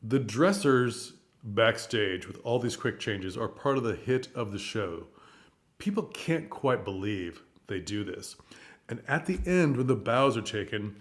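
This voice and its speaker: A man talking casually to camera as a theater commentator, chatty and chuckling between points. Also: on the low side.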